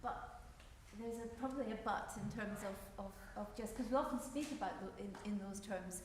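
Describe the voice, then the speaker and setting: A woman chairing a forum Q&A, encouraging and halting, with many restarts. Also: mid-range voice. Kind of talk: moderating a Q&A. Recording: echoey hall, distant mic, faint hiss.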